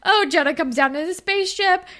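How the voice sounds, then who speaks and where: A young woman co-hosting a podcast, casually recapping a TV episode and acting out characters' lines with animated flair. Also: very high voice, a little fast. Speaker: podcast co-host.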